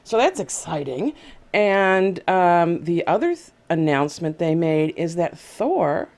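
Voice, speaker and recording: A woman's voice: lowish voice, sing-song, unhurried, a little mellow. A woman hosting a casual video chat show, talking in a chatty, hesitant way with many fillers. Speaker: host.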